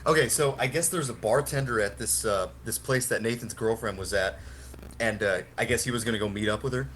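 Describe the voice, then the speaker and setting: A man's voice: on the low side, a little fast, a bit bright, slight background noise. Young man, podcast co-host, casual storytelling, rambling, swears, laughs a lot. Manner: rambling, profane, laughs often.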